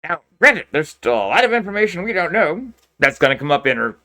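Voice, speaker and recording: A man with a high-leaning, sing-song, sharp voice speaks a little fast as he mocks a crime case with sarcasm and disbelief, laughing frequently. He sits close to the mic, which peaks.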